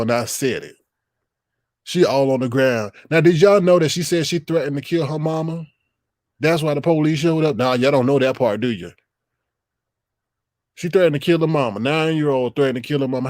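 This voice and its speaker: A man's voice: medium pitch, a little mellow, no echo, clean studio sound. Blunt man ranting to livestream chat. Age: 30s. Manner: blunt, profane, talks straight to chat viewers. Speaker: livestream host. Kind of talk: casual livestream rant.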